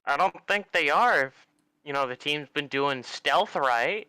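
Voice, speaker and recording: Bright, smooth-voiced man player. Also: fairly high pitch, lively intonation, a little slow, dry recording, rough recording. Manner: confident, pushy about his plan. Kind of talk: casual tabletop game talk.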